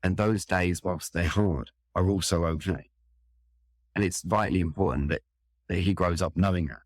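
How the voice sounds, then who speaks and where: With a deep, steady voice at a moderate pace, a middle-aged man from England shares a personal story in an earnest, reflective manner. He has a London accent and is a firefighter being interviewed, captured in studio quality with no echo.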